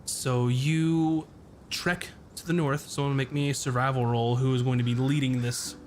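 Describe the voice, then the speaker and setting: A man's voice: medium pitch, fairly even intonation, moderate pace, a little hiss or hum. A man running a tabletop game as game master, describing scenes with frequent ums and uhs.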